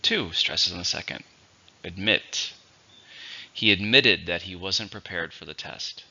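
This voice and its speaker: A man teaching English vocabulary, explaining words slowly and repeating each one. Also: low voice, creaky, pushed and bright, dull audio. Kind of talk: vocabulary lesson.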